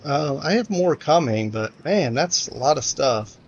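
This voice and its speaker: A man's voice: fairly high pitch, lively intonation, measured pace, dull audio, slight background noise. A man casually commentating a strategy game, hesitant and frustrated, with many fillers and restarts. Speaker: gameplay commentator.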